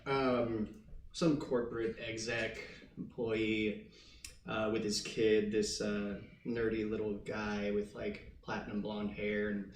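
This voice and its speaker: A man's voice: lowish voice, a little mellow. A man narrating a tabletop game as game master, loose and chatty with many fillers. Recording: roomy, distant mic, faint noise.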